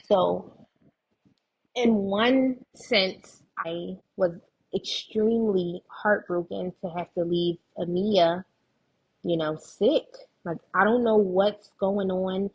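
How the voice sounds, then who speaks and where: A woman's voice: mid-range voice, slow pace, husky, muffled recording. A woman guest in an interview, earnestly recounting personal experiences, restarting her sentences as she goes. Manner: earnest, tells anecdotes with frequent restarts. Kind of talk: emotional personal storytelling in conversation.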